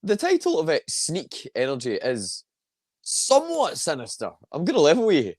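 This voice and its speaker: Dry deadpan co-host man. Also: a little high, moderate pace, dry recording. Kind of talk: casual comedic chat.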